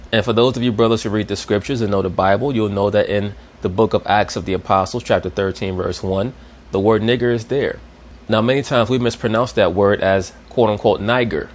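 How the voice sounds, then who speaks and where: A man giving a lecturing commentary, didactic and checking in with his listeners. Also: on the low side. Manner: didactic, repeats "you understand?".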